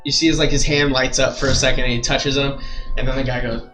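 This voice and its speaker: A man's voice: medium pitch, little pitch movement, quick pace, sharp tone. A man narrating a tabletop game as game master, loose and chatty. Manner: loose, chatty, laughing with the players. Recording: roomy echo, faint music.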